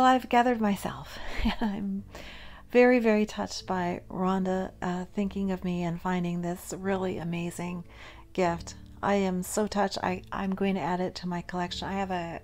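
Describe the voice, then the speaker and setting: A middle-aged woman hosting a casual unboxing vlog, talking in a gushing, emotional way. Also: fairly low pitch. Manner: emotional, gushing, teary and laughing. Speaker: reborn doll collector and channel host.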